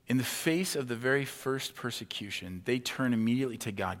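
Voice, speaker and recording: A male pastor delivers a sermon at a middle pitch in a church hall. He moves from calm explanation to loud, animated acted-out reactions. A long hall reverb trails every phrase. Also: a little fast, few pauses. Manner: animated, acts out imagined indignant reactions in a raised voice.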